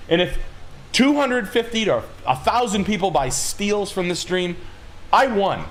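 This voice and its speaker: A man hosting a livestream, ranting loudly and emphatically with lots of swearing. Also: high voice, big pitch swings, a little slow, slight background noise. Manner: loud, swearing, emphatic, rambling. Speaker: streamer host. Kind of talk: profane livestream rant.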